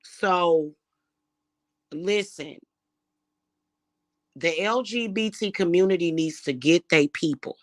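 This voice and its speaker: A woman's voice: fairly low pitch, takes it slowly, pauses often, dry recording, studio quality. A woman delivering a heated, profane vlog rant, repeating her points. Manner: heated, profane, repetitive ranting. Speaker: spiritual reader and vlogger. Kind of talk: angry monologue vlog.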